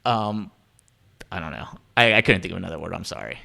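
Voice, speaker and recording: In casual podcast chat, the male host rambles, runs himself down, and leans heavily on fillers. His low voice is expressive and brisk, with vocal fry and a sharp tone.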